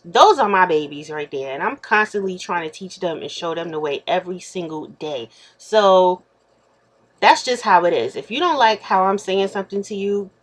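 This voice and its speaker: A woman's voice: fairly low pitch, expressive, normal speed. A woman in her thirties telling a story in a casual vlog, blunt and straightforward, acting out the quoted exchanges as she goes. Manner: acts out quoted exchanges in shifting voices. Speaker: YouTuber.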